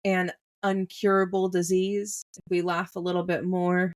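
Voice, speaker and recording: A woman's voice: on the low side, level tone. A young American woman co-hosting a casual book podcast, teasing her co-host playfully. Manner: playful teasing, drawn-out delivery. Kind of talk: casual book-club chat.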